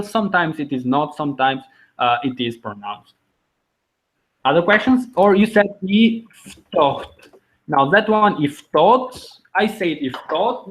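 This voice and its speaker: A man's voice: sits high, low-quality recording. Patient man teaching a language class online. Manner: patient, encouraging, explains step by step.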